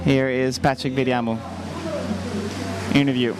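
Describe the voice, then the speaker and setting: A man giving live sports commentary as race results come in. He announces each finisher with excitement and calls out to the audience. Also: medium pitch, measured pace. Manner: excited, announcing, repeats "ladies and gentlemen". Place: outdoor race finish area. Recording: outdoor event with crowd behind.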